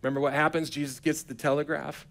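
A man's voice: on the high side, fast talker, vocal fry. A man preaching a sermon in a church, retelling scripture in a casual, chatty way and acting out the characters' lines with modern slang. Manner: casual storytelling preacher who acts out quotes in a relaxed, modern voice. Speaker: pastor. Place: church sanctuary.

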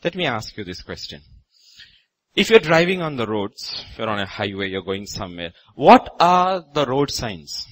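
A man pastor from India preaching a sermon in a church, with sudden loud rises on repeated phrases. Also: fairly high pitch, big pitch swings, moderate pace, low-quality recording.

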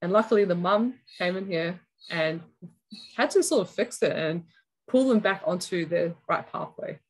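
A woman's voice: fairly low pitch, normal speed, breathy edge, low-quality recording. A woman giving a conference talk, explaining cloak weaving step by step as an education analogy. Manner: explanatory, walks through a cloak sample step by step. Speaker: educator presenter. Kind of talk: conference presentation.

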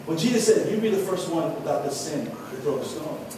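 A pastor delivers an earnest sermon, his voice sitting high for a man. He sounds set back from the microphone in a large, echoing hall. When he quotes scripture, he eases into softer tones. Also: animated, fairly quick, background noise. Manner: earnest preaching, drops to soft tones for quotes. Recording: echoey hall from far off.

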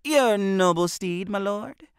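A man's voice: sits high, slow pace, clear, resonant tone, no room sound, studio quality, pitched above the performer's own voice. A man voicing a playful, mock-formal teenage boy who clowns around in an audiobook. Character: joking, theatrical young teen best friend.

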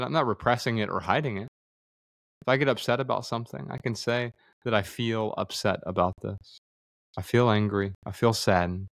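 A man's voice: lowish voice, dry recording, studio quality. A man talking thoughtfully as a guest in a conversation, explaining ideas through examples, sometimes restarting a word. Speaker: podcast guest. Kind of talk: reflective conversation.

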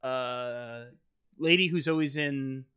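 A man's voice: mid-range voice, takes it slowly, pushed and bright, clean tone. A man co-hosting a podcast, chatting in a wry, meandering way. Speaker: podcast co-host. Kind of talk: casual chat. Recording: dull lo-fi mic.

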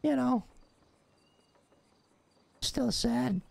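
A woman's voice: fairly high pitch, drawn-out words, creaky, darkish tone, dry recording. A woman talking in character on a roleplay stream, reacting with blunt interjections.

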